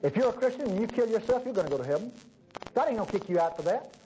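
A high-pitched man delivers a folksy, animated sermon. He swings from loud emphasis down to hushed asides. A faint hiss of noise sits under the voice. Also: rapid-fire, poor audio. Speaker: preacher.

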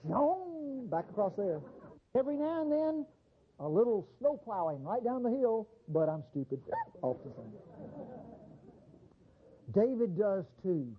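A man preaching a sermon as a pastor, animated and conversational, acting out mock voices. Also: sits high, unhurried, pauses often, narrow, tinny audio, a little hiss or hum.

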